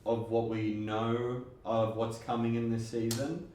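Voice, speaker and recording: Measured man in a reverberant room. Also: medium pitch, flat delivery, a little mellow, distant mic, slight background noise. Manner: measured, hedging, mild critiques. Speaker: podcast co-host. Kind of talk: casual chat. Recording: echoey room, off-mic.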